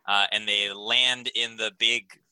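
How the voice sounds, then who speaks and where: A young man playing a tabletop role-playing game, describing his character's actions with animated, self-mocking humor. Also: fairly low pitch, slow pace, clear, resonant tone, dry recording, poor audio. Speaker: player.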